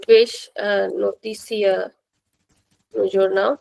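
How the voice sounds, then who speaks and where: A woman teaching a language class, speaking slowly and patiently and repeating words for her students. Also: medium pitch, little pitch movement, gravelly, darkish tone, poor audio.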